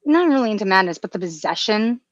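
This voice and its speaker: A woman's voice: mid-range voice, very animated, fast talker, no echo, highs cut off. A woman co-hosting a casual podcast chat, gushing and emotional, with frequent restarts and fillers. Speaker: podcast co-host.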